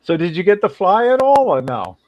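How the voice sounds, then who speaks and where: A man's voice: high voice, big pitch swings, a little fast, dull audio. A man hosting a casual livestream and greeting viewers by name. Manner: reads out viewer names and greets them one by one. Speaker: livestream host.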